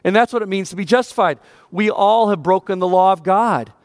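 A man's voice: sits high, a little fast, no echo, clean studio sound. A male pastor delivering a sermon in an earnest preaching manner that rises with emphasis.

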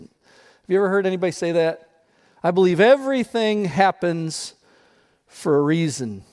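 A pastor preaching a sermon, telling a parable in an animated way and often repeating his words. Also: fairly high pitch, big-room sound.

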